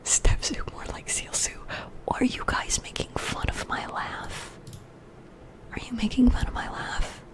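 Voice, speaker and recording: A young woman whispering through an ASMR livestream, giggly and self-mocking as she talks straight to her chat. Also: a little slow. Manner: addresses chat directly. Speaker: ASMR streamer. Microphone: earbuds with a streaming mic.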